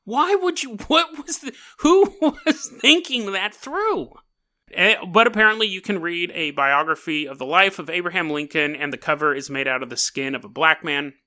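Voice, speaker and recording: Man, podcast host, casual talk, very bright voice, a bit high. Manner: joking, chuckles through his asides.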